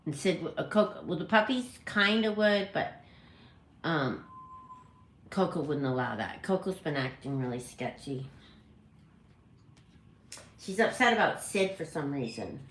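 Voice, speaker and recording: A woman's voice: low voice, lively intonation, measured pace, pauses often, a bit bright, roomy sound, rough recording. A woman hosting a casual livestream from home, rambling and correcting herself as she chats with viewers. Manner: rambling, self-correcting, chatty. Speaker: parrot channel host.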